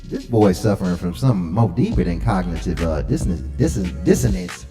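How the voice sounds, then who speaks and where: A man's voice: sits low, animated, fairly quick, over music. A man hosting a live reaction show in a laid-back, slangy, drawling manner. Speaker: host. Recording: long hall reverb.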